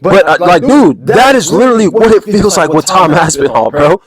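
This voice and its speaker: Animated, slangy man reacting. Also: high-pitched, moderate pace, a loud crowd, poor audio. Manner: animated, slangy, laughs often. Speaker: reaction video host. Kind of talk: casual reaction commentary.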